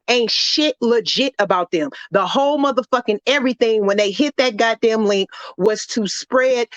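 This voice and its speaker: A woman's voice: fairly high pitch, no room sound. A woman calling in from home over the phone, delivering a heated, profane rant with lots of repetition. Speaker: caller. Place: at home during a storm. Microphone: phone call. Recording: dull lo-fi phone audio.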